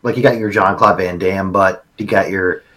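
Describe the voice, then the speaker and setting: A man co-hosting a livestream, laid-back and halting, with many fillers. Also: low voice, steady tone, a bit bright, poor audio. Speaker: livestream co-host. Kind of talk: casual crude banter.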